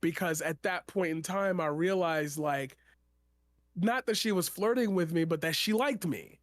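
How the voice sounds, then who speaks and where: A man's voice: fairly high pitch, measured pace, no room sound, studio quality. A young man, a poet guest on a stream, casually telling a rambling personal story, laughing and swearing freely.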